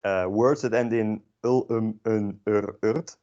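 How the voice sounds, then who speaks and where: A man's voice: on the low side, steady tone, takes it slowly, dark tone. A young man who speaks Dutch natively, explaining grammar in a casual classroom lesson, hesitant and full of fillers and self-corrections. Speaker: Dutch language teacher. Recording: dull lo-fi classroom recording.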